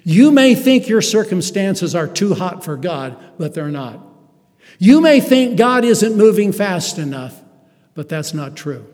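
A man's voice: high-pitched, very animated, measured pace, darkish tone. A man delivering a sermon as pastor, building emphasis with rhetorical questions and calling the congregation beloved. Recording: long reverb of a hall.

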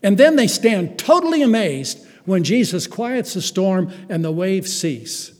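A man's voice: high-pitched, very animated, unhurried, darkish tone. A man delivering a sermon as pastor, building emphasis with rhetorical questions and calling the congregation beloved. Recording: long reverb of a hall.

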